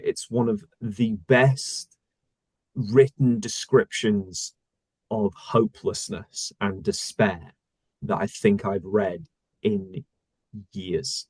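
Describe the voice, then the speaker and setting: A male voice actor talking casually in an interview, thoughtful and searching for words with many pauses. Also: fairly low pitch, fairly even intonation, a little mellow, husky, no echo. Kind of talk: casual conversation.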